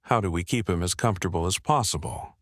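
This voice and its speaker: A man voicing a calm young groom, firm, steady, very deep voice, dry sound. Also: fast talker, no room sound. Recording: dry close-miked voice-over.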